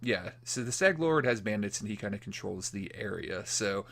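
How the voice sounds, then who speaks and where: A man's voice: lowish voice, animated, normal speed, vocal fry, fairly bright tone. A man hosting a let's play, commenting casually on a role-playing game as he plays, rambling with fillers and restarts. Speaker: gaming channel host.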